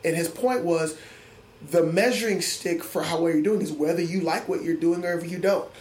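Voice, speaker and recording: Reflective man with a slightly high voice. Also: a little mellow. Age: adult. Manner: reflective, earnest, halting restarts. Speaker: middle school music teacher. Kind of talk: interview conversation. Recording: echoey room with faint ambience.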